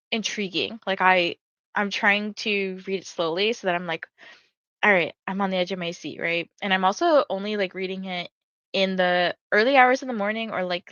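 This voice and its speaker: A woman in her thirties talks loosely and rambles as she hosts a livestream, reading viewer comments aloud. Her voice sits at a middle pitch. The sound is close and dry, with a slightly muffled, lo-fi edge. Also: fairly bright tone, no room sound. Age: 30s. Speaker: livestream host. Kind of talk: casual livestream chat.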